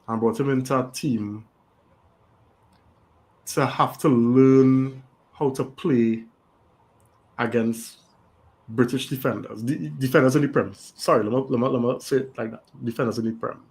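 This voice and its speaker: A man's voice: mid-range voice, poor audio. Man musing aloud on a fan panel. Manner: thinks aloud, tags points with "right?". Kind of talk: casual panel chat. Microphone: video call.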